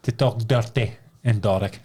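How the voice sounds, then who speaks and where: A man's voice: lowish voice, normal speed. A man, co-hosting a podcast in bawdy, laughing banter. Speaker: podcast co-host. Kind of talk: casual chat. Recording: loud background noise.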